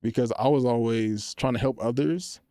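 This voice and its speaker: A young man in his twenties, a college football player, telling his faith story earnestly on a podcast, animated when he retells moments. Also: medium pitch, normal speed, no echo, clean studio sound. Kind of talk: casual faith testimony. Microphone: podcast microphone.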